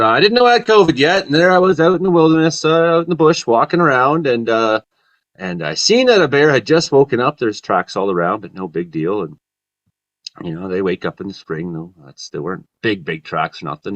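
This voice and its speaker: A man hosting a comedy talk show, telling rambling deadpan stories in a casual chat. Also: mid-range voice, brisk, dull audio. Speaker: comedy weather show host.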